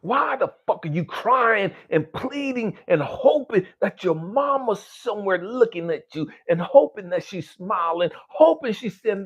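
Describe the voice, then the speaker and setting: A husky-voiced man delivers a raw, confessional motivational talk, sinking into hushed murmurs and then climbing to fervent near-shouts. His pitch moves widely and he swears freely. The recording sounds dull and lo-fi. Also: expressive, measured pace, hardly any pauses. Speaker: spiritual coach. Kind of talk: emotional motivational monologue.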